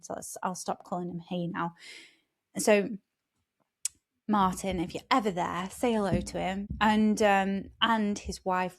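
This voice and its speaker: A woman telling a personal spiritual story in a lively, laughing way, often restarting her sentences. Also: mid-range voice. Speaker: spiritual vlogger.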